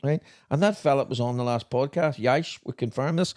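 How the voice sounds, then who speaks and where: A man's voice: medium pitch, a little fast, darkish tone. A man, co-hosting a casual podcast, throwing in dry remarks and local sayings and telling his own stories with plenty of swearing. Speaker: podcast co-host. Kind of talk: casual chat.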